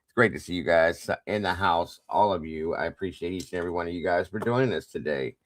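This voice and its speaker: A man's voice: low-pitched, quick pace, dry recording. A man hosting a casual livestream, greeting viewers one by one by name with playful sing-song asides. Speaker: livestream host.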